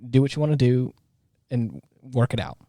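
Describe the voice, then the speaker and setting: A man's voice: medium pitch, animated, moderate pace, mellow, no echo, studio quality. A man co-hosting a podcast in casual chat, talking in a rambling way with many restarts. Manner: rambling, lots of fillers and restarts. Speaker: podcast co-host.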